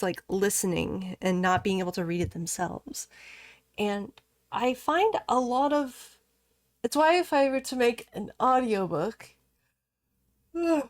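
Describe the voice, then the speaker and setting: A chatty woman streamer rambles and giggles as she plays, now and then scolding the game. Her voice sits in a middle range. The sound is dry, close and free of room echo. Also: medium pitch. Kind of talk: casual chat while live streaming a game.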